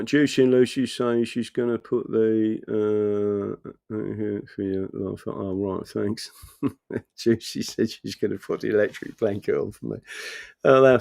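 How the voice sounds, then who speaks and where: A man's voice: on the low side, creaky, darkish tone, no room sound, studio quality. A middle-aged man hosting a casual livestream, rambling and swearing as he chats to viewers and reads their comments. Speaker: livestream host reading chat.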